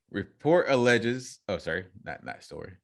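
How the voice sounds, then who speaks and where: This man, who co-hosts an easygoing podcast, reads the news aloud and riffs and laughs in between. His low voice carries vocal fry and sounds close and dry, with no room sound.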